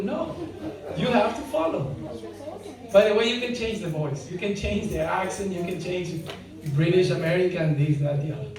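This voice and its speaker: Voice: medium pitch, expressive, takes it slowly, pauses often, crowd noise. A devotional speaker giving an informal spiritual talk, joking and quizzing the audience with frequent laughter. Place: large hall with audience. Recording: very echoey hall, mic far off, audience.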